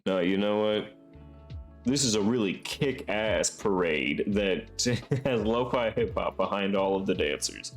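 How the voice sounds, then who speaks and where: A man's voice: fairly low pitch, lively intonation, measured pace, faint music behind. A man streaming a visual novel, reading its text aloud and breaking off for crude, joking asides.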